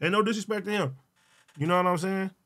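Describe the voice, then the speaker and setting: A man hosting a solo livestream, talking loud and profane with frequent laughter. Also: high voice, fast talker. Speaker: livestream host. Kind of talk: casual solo livestream chat.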